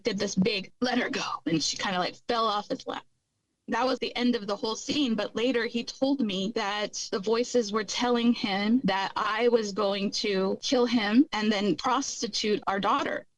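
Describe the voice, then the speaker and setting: A woman's voice: mid-range voice, no room sound, poor audio. A middle-aged woman earnestly recounting her own hard past in a candid personal testimony. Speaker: guest recounting her life.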